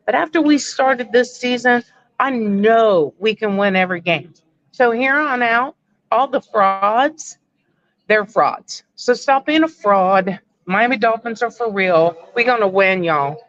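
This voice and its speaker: Slow, firm woman on a dull call. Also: a little high, a bit bright, no echo. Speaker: caller. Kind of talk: casual chat. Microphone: video call.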